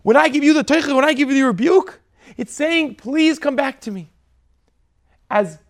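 A man preaches a sermon, his voice sitting very high. There is a gravelly, crackly texture to his tone. He swings between hushed pleading and forceful emphasis. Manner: impassioned preaching, shifting between soft and forceful. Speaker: rabbi.

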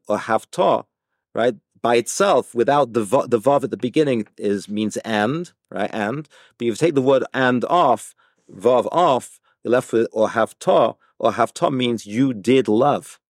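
A man's voice: mid-range voice, moderate pace, no echo. Guy teaching a torah class, lots of restarts, dry close sound. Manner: hesitant, many restarts, explanatory.

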